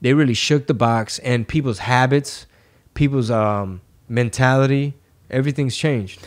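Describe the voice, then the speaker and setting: A man's voice: medium pitch, unhurried. Male podcast host, casual and profane, rambling storyteller, mid-range voice.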